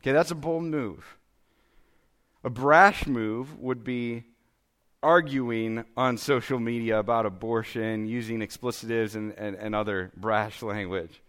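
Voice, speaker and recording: A man's voice: medium pitch, fairly even intonation, unhurried, fairly bright tone, smooth. A man, preaching a sermon in a conversational, self-deprecating way and checking in with listeners. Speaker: pastor.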